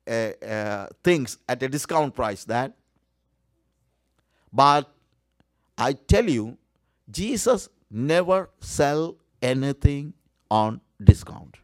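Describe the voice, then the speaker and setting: Male preacher, slightly high voice, earnest sermon, dry close sound. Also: expressive, takes it slowly, long pauses, dry recording. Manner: earnest, repeats key words for emphasis, frequent uh fillers.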